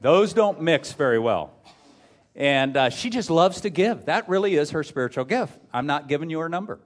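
A middle-aged man, a pastor, preaching a sermon with personal stories and dry self-deprecating humor, dropping from loud points to hushed tender moments. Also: a little high, lively intonation, moderate pace.

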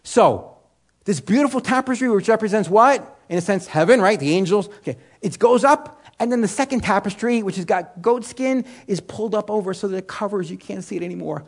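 A man preaching in a relaxed, chatty sermon style, his voice sitting a little high. He often asks the listeners something and then answers it himself, with plenty of "you know" along the way. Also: a little fast. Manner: asks rhetorical questions and answers them himself; conversational, with frequent "you know" and restarts. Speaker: Bible teacher. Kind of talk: sermon teaching.

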